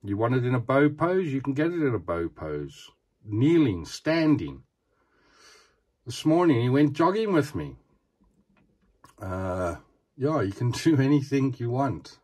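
A man's voice: mid-range voice, sing-song, measured pace, long pauses, darkish tone, slightly rough. A man chatting casually as he shows off an action figure, often asking the viewer "eh?". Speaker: action figure collector showing a figure. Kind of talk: casual show-and-tell vlog.

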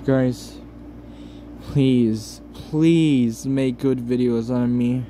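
Slow-talking upset man near tears. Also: mid-range voice, steady tone, warm tone, faint music behind. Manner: pleading, swearing, halting restarts. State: close to tears. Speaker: channel owner. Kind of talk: upset vlog rant.

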